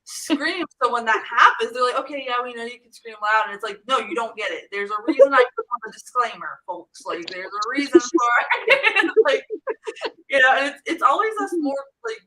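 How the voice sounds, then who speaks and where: A soft-spoken woman co-hosting a live stream, chatting casually and using many fillers. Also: on the high side, animated, brisk, rough recording. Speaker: co-host.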